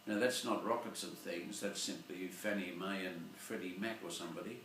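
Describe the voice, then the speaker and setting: An older Catholic priest delivers a rambling, digressive Sunday reflection, often searching for words. His low voice moves at normal speed and sounds far off in an echoey room, with background noise.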